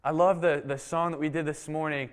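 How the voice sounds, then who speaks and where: A man's voice: a little high, fairly quick, smooth. A man preaching a sermon to his church, telling a story with casual phrasing and acting out the dialogue. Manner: animated storytelling, acts out quoted dialogue; casual, frequent "like". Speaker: pastor.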